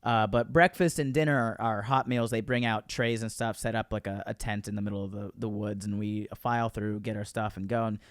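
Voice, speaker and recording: Smooth-voiced man telling a story. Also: fairly low pitch, fairly quick, few pauses, dry recording, clean studio sound. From Florida. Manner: animated storyteller, laughs while telling, acts out quotes. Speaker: podcast guest, comedian. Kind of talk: casual storytelling chat.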